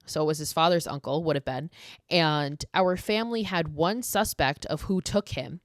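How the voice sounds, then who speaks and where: Casting: woman podcast host, sarcastic and foul-mouthed, lowish voice, dry close sound. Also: normal speed, no echo. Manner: profane, sarcastic, storytelling. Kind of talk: casual horror film recap.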